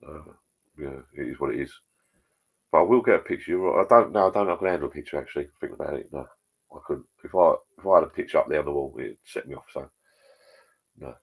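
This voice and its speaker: A man's voice: a bass voice, breathy edge. A middle-aged man hosting a live stream, chatting bluntly with plenty of swearing and reading out viewer comments. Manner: blunt, sweary, rambling pub talk.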